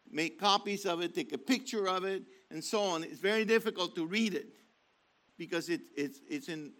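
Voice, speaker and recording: A man's voice: high voice, pushed and bright. A man preaching, reading from an article and repeating key phrases with emphasis, with many restarts. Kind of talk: sermon reading from an online article.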